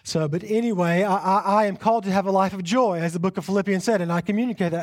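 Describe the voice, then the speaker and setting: A young man, a pastor, preaching a sermon with an animated personal story and self-deprecating humor, often repeating his phrases. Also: high-pitched, quick pace, few pauses. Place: church sanctuary.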